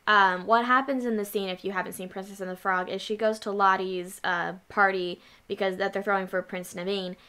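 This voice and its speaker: A woman's voice: medium pitch, bright, forceful tone. A woman hosting a casual reaction video, chatting playfully and adding asides. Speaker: channel host reacting to a video.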